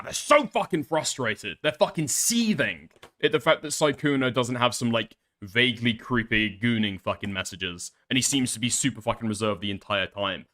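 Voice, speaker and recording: A man reacts off the cuff in a profane, sarcastic rant. His voice is bright and tense, and its pitch swings widely as he pushes his points. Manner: profane, emphatic, sarcastic ranting. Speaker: streamer reacting to a video. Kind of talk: casual reaction commentary.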